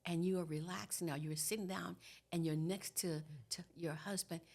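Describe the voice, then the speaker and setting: A woman in her sixties, a guest trauma educator, explaining in an animated conversational way and checking in with "okay?". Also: lowish voice, moderate pace, gravelly. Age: 60s. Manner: animated, tags points with "okay?". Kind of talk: conversational teaching.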